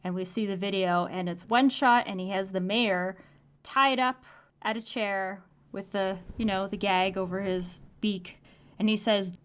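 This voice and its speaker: A woman's voice: mid-range voice, steady tone, unhurried, a bit bright, clean tone. A woman co-hosting a podcast, animatedly recapping a comic in casual chat and laughing often. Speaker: podcast co-host.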